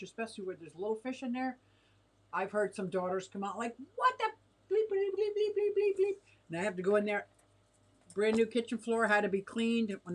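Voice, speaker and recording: Bubbly giggling woman streaming from home. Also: mid-range voice. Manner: bubbly, giggly, chatty, reacting to comments. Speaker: livestream host reading chat. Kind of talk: casual livestream chat. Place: home fish room with tanks.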